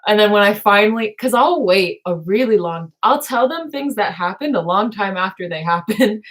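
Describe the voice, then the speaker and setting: A woman's voice: mid-range voice, expressive, normal speed, fairly bright tone. Young woman just chatting on stream late at night, lots of "like", giggles a bunch. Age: young adult. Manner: rambling, many "like" fillers, laughs often. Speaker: live stream host chatting with her sister. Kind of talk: casual late-night chat.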